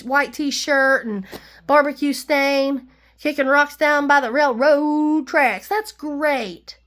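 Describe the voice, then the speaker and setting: A woman's voice: sits high, pushed and bright. A woman vlogger in a heated, rambling personal monologue, talking emphatically.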